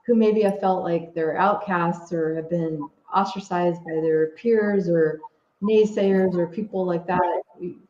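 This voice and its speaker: A woman's voice: on the low side, steady tone, a little slow, slight background noise. A woman guest talking casually in an interview, hesitant, with many fillers and restarts. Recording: echoey, slightly dull audio.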